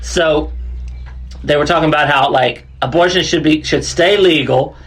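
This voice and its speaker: A man's voice: fairly high pitch, normal speed, a bit bright. A young man co-hosting a crude, casual podcast, rambling with lots of fillers and laughing at his own jokes. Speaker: podcast co-host.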